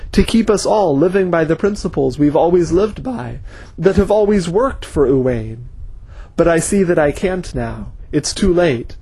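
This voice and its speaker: A man's voice: on the high side, darkish tone, breathy edge. A man voicing a caught old male plotter who pleads desperately for his life.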